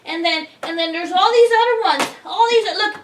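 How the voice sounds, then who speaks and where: Very high-voiced, naive, rambling woman. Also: normal speed, noisy background. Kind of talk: comedy sketch dialogue. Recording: roomy and distant from the mic.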